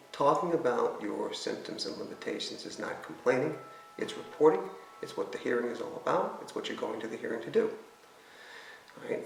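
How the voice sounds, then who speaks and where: A man's voice: medium pitch, gravelly, fairly bright tone. A middle-aged man, a lawyer, patiently explaining to clients how to testify at a hearing and acting out sample answers. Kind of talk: instructional talk to clients. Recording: echoey room, distant mic, faint hiss.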